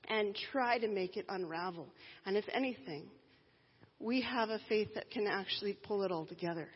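A woman in her thirties, a pastor, preaching a sermon in an earnest, emphatic way with deliberate pauses. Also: on the high side, slightly rough. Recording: dull sound with long hall reverb.

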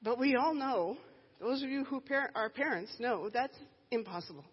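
A woman in her thirties, a pastor, preaching a sermon in an earnest, emphatic way with deliberate pauses. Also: a little high, lively intonation, husky. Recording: dull sound with long hall reverb.

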